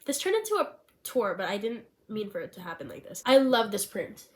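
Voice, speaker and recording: Vlogging to camera from her small bedroom, a young woman with a cold sounds nasal and stuffed-up as she chats in a bubbly, rambling way. Her mid-range voice moves briskly with big swings in pitch, picked up by a pen-style handheld mic.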